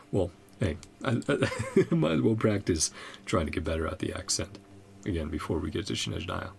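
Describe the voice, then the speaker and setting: A man's voice: low voice, very animated, moderate pace, gravelly. A man hosting a gaming video, chatting casually and thinking aloud with frequent chuckles. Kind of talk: casual game commentary.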